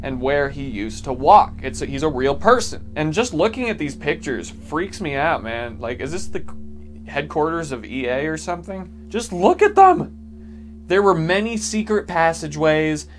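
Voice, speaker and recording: A man's voice: fairly high pitch, lively intonation, normal speed, faint music behind. A man narrating a history vlog, joking and irreverent between facts. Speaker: video essay host.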